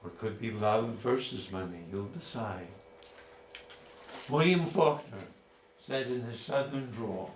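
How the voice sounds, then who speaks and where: A man performs an autobiographical story at an unhurried, measured pace, addressing his mother directly. His voice sits in a mid range and rings in a roomy space, with faint ambience behind it. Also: mid-range voice. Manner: slow, deliberate, speaking directly to his mother.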